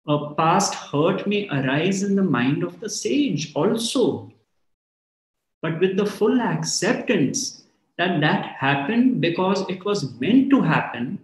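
A man gives a spiritual talk full of stories, calm and reflective. His voice is on the high side. The sound carries a roomy echo. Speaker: spiritual teacher. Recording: echoey room.

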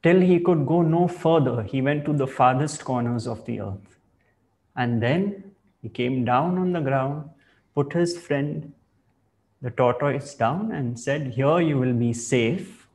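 A man giving a spiritual discourse as a teacher, in measured, reflective phrasing. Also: mid-range voice, darkish tone.

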